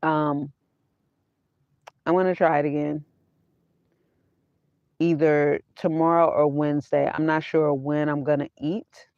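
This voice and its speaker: Woman vlogger, unhurried, repeats herself, dull lo-fi dry sound, chatting to livestream viewers from her van. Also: low voice, level tone, dry recording. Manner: repeats her phrases, laughs often, talks straight to chat. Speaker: vanlife vlogger hosting a livestream. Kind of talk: casual livestream chat with viewers.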